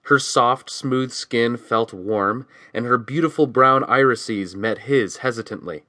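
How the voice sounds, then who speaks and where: A man giving steady scripted audiobook narration, reading a novel and voicing its dialogue quietly. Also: mid-range voice, a little slow, no echo.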